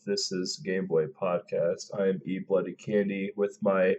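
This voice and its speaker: A man's voice: deep voice, little pitch movement, unhurried, few pauses, darkish tone. A man hosting a casual podcast, stuffed up from allergies, with a laid-back manner. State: congested from allergies. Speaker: podcast host. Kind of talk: casual chat. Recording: dull echoey two-mic audio.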